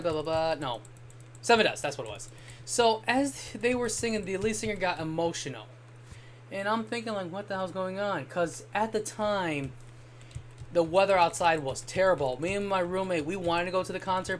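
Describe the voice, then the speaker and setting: Streaming a game, a young man with a high voice chats casually and swears from time to time. His talk wanders through long anecdotal stories, with slight background noise behind him.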